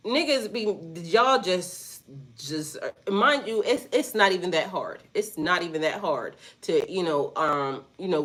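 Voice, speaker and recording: A woman with a grown son telling a story to her viewers in a blunt, profane, animated way, full of asides. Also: fairly low pitch. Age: adult with a son. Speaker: spiritual vlogger. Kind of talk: casual storytime rant.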